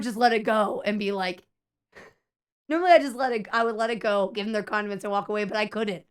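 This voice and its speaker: A young adult woman streamer telling a story in casual chat, animated and exasperated, acting out the people she quotes. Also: medium pitch, quick pace, clean tone.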